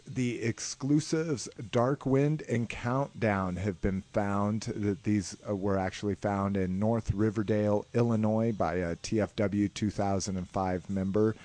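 A man's voice: fairly low pitch, darkish tone. A man co-hosting a casual toy-news podcast, patient and easygoing, with plenty of "uh"s between items. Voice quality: laid-back, patient delivery with filler "uh"s. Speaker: podcast co-host.

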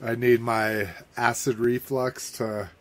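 A man hosting a podcast in casual chat, easily amused and quick to laugh. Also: medium pitch, flat delivery. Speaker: podcast host.

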